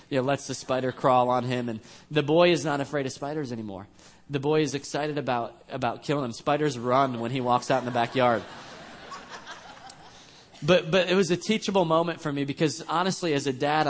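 A man preaching in a church as pastor, telling a family story in a casual, joking, conversational way. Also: medium pitch. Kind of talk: storytelling sermon.

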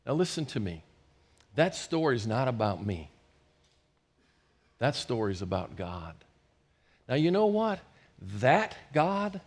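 Gravelly pastor telling a story. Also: male voice, medium pitch, measured pace. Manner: animated, swings from loud to hushed. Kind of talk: storytelling sermon.

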